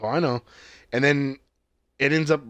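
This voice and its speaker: A man's voice: steady tone, moderate pace, fairly bright tone, no room sound. A man rambling through a profane show recap, dry sound. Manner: rambling and profane, jumping up in pitch to quote characters. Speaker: friend retelling a TV episode. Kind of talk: casual chat.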